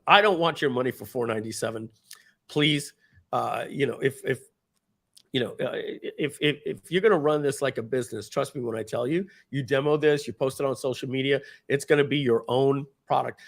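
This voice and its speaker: A middle-aged man talks loosely through a software pitch on a live stream. He rambles, restarts his sentences and leans on fillers, and he jumps into animated voices when he quotes people. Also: a little fast, gravelly. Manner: animated, acts out quoted dialogue. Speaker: host presenting software. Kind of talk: casual live-stream sales talk.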